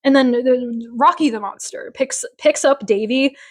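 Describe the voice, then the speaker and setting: Female podcast co-host, raised pitch, opinionated casual recap delivery. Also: measured pace. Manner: opinionated, rambling, lots of fillers. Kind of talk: casual chat recapping a TV episode.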